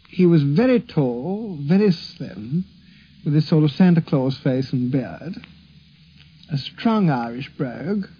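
Guy fondly remembering stuff, a bit high and husky, dull old recording. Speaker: interviewee. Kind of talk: reminiscing interview.

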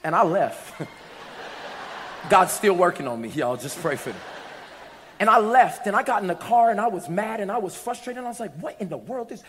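A man with a high voice preaches a sermon in a church. He tells stories and builds to shouted, sing-song lines. His voice rings out with a long hall reverb. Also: lively intonation, normal speed, pauses often, slight background noise.

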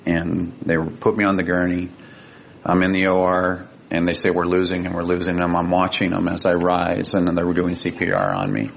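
A man with a gravelly voice, a guest telling a personal story in an earnest, vivid way. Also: moderate pace. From Sacramento, California. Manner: earnest, vivid, emotional retelling. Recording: dull lo-fi with faint rumble.

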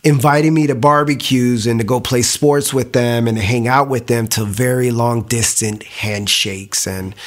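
A young man telling a personal faith testimony in a casual, animated way, full of "like" fillers and acted-out quotes. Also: medium pitch, normal speed, hardly any pauses. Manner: animated storytelling with many "like" fillers, acting out quotes. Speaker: guest sharing testimony.

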